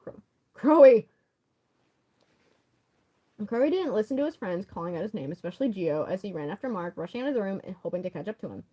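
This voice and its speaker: Woman reading a fan story out loud, lively up-and-down voice, laughs a lot, trips over words. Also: lowish voice, very fast, few pauses, rough recording. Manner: laughs often, stumbles over words, blurts out comments. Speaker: story reader.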